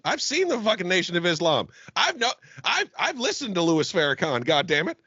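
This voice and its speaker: Animated, profane storytelling man. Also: high voice, a little fast, hardly any pauses, husky, no echo, highs cut off. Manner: profane, rambling storyteller with animated quoted voices. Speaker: podcast co-host. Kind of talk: casual comedy podcast chat. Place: Jacksonville, Florida.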